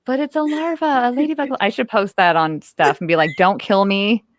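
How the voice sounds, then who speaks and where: A playful woman in her thirties hosts a live-streamed trivia game from home. Her pitch leaps around as she slips into silly squeaky voices and laughs. The sound is dry and close to the mic. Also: sing-song, a little fast, dry recording. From Northern California. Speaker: host.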